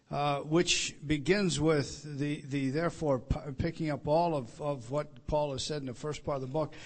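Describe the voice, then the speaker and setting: Emphatic man preaching an evening sermon. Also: on the high side. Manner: emphatic, repetitive teaching with many restarts. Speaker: pastor.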